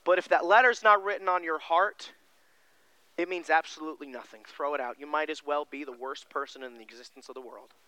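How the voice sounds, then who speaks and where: A man's voice: steady tone, brisk, dry recording. Folksy, emphatic male pastor preaching. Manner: emphatic, folksy, swings between loud stresses and quiet low passages. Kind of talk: sermon.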